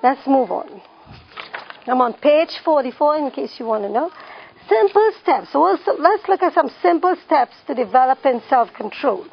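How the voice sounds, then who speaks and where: A woman's voice: high voice, sing-song, moderate pace, vocal fry, muffled recording, a little hiss or hum. A woman leading a parenting class, putting questions to the room and repeating the key phrases for emphasis. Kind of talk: classroom teaching with questions to the audience.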